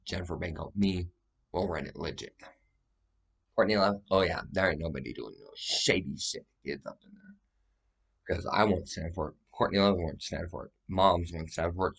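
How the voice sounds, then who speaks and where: A man with a fairly low voice rambles on in a vlog monologue. His talk is loose and full of swearing, and it keeps tipping into agitated outbursts. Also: normal speed, vocal fry, fairly bright tone, breathy edge.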